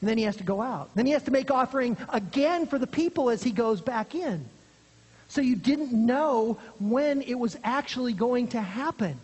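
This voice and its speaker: A preacher giving an earnest expository sermon, dropping low and quiet for emphasis, recorded in a church sanctuary. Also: expressive, normal speed, slightly rough. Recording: long hall reverb.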